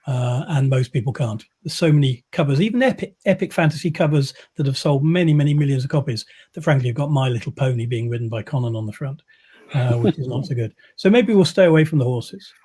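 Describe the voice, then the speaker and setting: A man's voice: mid-range voice, expressive, fast talker, warm tone, slightly rough. A man, a publisher, chatting casually on a video call in a wry, rambling way with many fillers. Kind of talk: casual chat.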